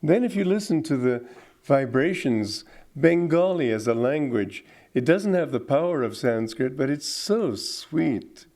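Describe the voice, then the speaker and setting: A man's voice: medium pitch, expressive, measured pace, darkish tone. An older man giving an informal spiritual talk, reflective, with chuckling asides and playful mimicry. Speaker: spiritual teacher.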